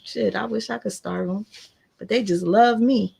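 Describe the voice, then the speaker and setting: A woman's voice: mid-range voice, moderate pace, gravelly, dark tone, breathy edge. Chatty woman hosting a livestream. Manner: chatty, talks to viewers and her baby. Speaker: channel host. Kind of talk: casual livestream chat.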